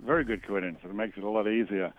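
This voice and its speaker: An older man with an Australian accent talks through a tinny phone line. His voice is very low, and he chats freely with lots of restarts. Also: fairly even intonation, fast talker. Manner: chatty, storytelling, restarts often. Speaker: travel company owner, guest. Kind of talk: radio interview. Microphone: phone call.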